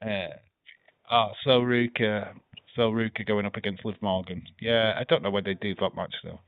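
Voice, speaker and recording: A man co-hosting a podcast, chatting casually and bantering. He often trails off quietly at the ends of his sentences. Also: on the low side, fairly even intonation, moderate pace, no room sound. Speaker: podcast co-host. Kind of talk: casual chat. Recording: tinny phone-like line, dry.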